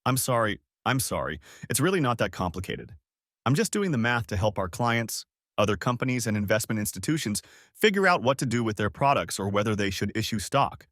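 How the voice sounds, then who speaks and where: A man's voice: lowish voice, very animated, a little fast, a bit bright, no echo, studio quality. A nervous, stammering young man. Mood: apologetic. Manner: stammering, apologetic.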